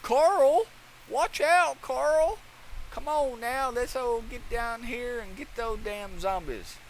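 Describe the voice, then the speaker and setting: A hollering southern zombie fighter. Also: male voice, very high voice, slow, slight background noise, pitched above the performer's own voice, full character voice, low-quality recording. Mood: urgent.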